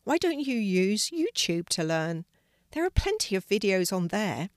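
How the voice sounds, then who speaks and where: An older woman reading a storybook, voicing a kind, calm mother who speaks gently. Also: mid-range voice, measured pace, no echo, studio quality.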